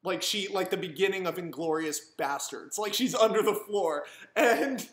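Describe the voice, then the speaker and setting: Young screenwriter, animated rambling storyteller, high voice, roomy sound. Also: male voice, moderate pace. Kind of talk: casual storytelling monologue. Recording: roomy echo.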